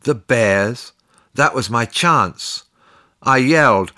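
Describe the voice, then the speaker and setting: A man narrating a first-person story in a slow, deliberate, clear reading. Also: lowish voice, bright, forceful tone, dry recording, studio quality.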